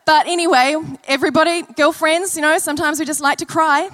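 High-voiced woman preaching a sermon. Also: steady tone, brisk, fairly bright tone. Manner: earnest, storytelling, repeats key phrases. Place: church service.

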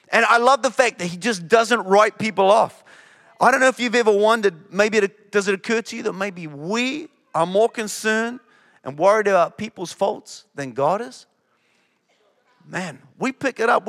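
High-voiced animated male preacher, hall reverb. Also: normal speed. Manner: conversational, animated preaching with acted-out quotes. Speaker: campus pastor. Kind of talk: sermon.

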